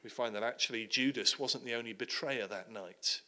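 A man with a medium-pitched voice preaches a sermon at normal speed, retelling the passage dramatically and dropping to hushed tones at the heavy moments.

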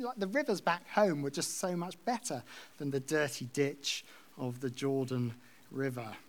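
A man delivers an expository sermon at a middle pitch. He talks conversationally, reading verses aloud and unpacking them for his listeners. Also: a little slow. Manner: conversational, reads scripture aloud and explains it. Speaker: preacher.

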